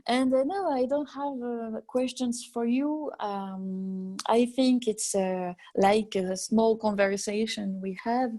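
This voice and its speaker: A woman with a French accent talks over a video call in a mellow, soft-edged voice. She speaks English haltingly, stopping often and filling pauses while she hunts for words. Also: on the high side, fairly even intonation. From France. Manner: halting, searching for English words with many fillers. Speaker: harmonica player. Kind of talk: online interview.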